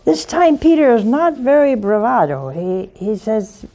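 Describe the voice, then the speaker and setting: A woman's voice: mid-range voice, big pitch swings, measured pace, dark tone. A woman hosting a religious call-in show, preaching devotionally and coaxing listeners with intimate questions.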